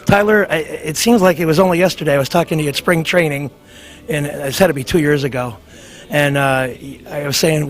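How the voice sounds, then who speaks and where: A man's voice: a little high, fairly quick. A man hosting a sports talk show, reading local ads in a chatty, upbeat way.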